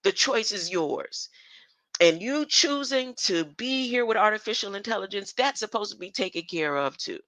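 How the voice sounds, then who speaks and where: A woman's voice: mid-range voice, expressive, moderate pace, fairly bright tone, no room sound, low-quality recording. A woman talking casually on a livestream to her chat, rambling and often tossing in "huh?". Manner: rambling, keeps asking "huh?".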